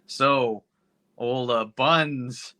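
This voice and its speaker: A man's voice: medium pitch, drawn-out words, bright, forceful tone. A man co-hosting a podcast, recapping a movie plot in a laid-back, casual way. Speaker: podcast co-host. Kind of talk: casual movie review chat.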